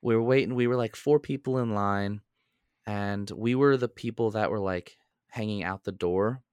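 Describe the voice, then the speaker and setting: A young man and podcast co-host telling a story in a casual, animated way. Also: moderate pace, clear, resonant tone, dry recording. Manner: animated storyteller, jumps into high voices when quoting.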